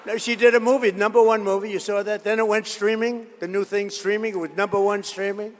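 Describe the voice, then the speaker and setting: In a reverberant hall, a man with a high voice that barely moves in pitch speaks a little fast through a boastful political rally speech, circling back on himself and wandering into digressive stories.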